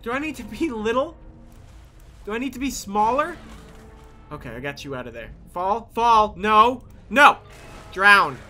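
A young man playing a video game and commenting casually, swearing often and yelling at the game. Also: high-pitched, a little slow, pauses often, soft background music. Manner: animated, swears a lot, yells at the game. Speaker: gaming YouTuber. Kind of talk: casual let's-play commentary.

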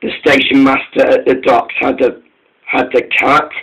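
A man's voice: medium pitch, little pitch movement, a bit bright, slightly rough, low-quality recording. A man voicing a sly male steam engine who mocks a friend in a storybook tale. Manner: mocking, drawn-out sarcasm.

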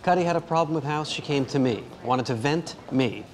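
A man's voice: a little high, brisk, slight background noise, close to an everyday voice. A man playing a weary doctor with a headache. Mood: blunt. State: headache, strained. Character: weary male doctor and friend, exasperated.

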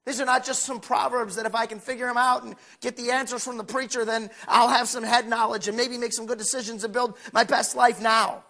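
A middle-aged male pastor preaching a folksy sermon that swings from quiet asides to shouted points. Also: very high-pitched, flat delivery, a little fast, gravelly, hardly any pauses.

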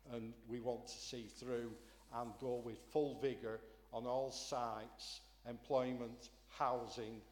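A man's voice: mid-range voice, a little mellow, a little hiss or hum. A man, an opposition councillor making a pointed, insistent council debate speech with frequent fillers. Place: large council chamber. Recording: echoey chamber with long reverb.

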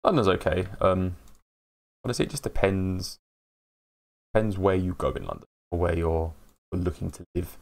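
Gravelly low-voiced male streamer. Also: expressive, normal speed, long pauses. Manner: rambling, laughs at himself, chats with viewers. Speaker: live streamer. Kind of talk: casual live-stream chat.

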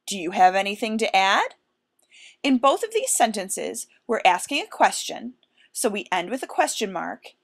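Female teacher, bright animated delivery, clear and deliberate, lesson voice-over. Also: medium pitch. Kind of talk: recorded classroom lesson.

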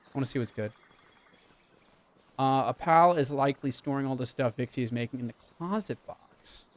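A man's voice: medium pitch, moderate pace. A young man chatting casually and swearing while he streams a game and talks to his chat. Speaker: livestreamer. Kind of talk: casual live game commentary.

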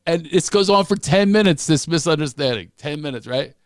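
A middle-aged man spins comic stories with big swings in pitch, jumping into the voices of the people he quotes. His voice sits a little high for a man. The sound is close and dry, with no room around it. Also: animated, a little fast, few pauses, dry recording. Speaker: comedian guest. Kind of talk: storytelling in a podcast chat.

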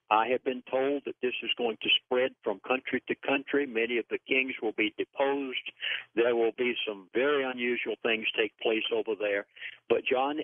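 A man's voice: medium pitch, no room sound. A man guest on a call-in radio show, speaking in an earnest, grave and emphatic way over a phone line. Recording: dry, tinny phone line.

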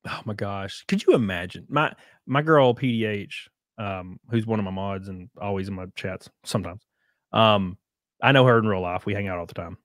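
A man's voice: fairly low pitch, normal speed, a bit bright, dry recording, studio quality. A man chatting casually on a podcast, telling blunt, crude stories. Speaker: podcast host.

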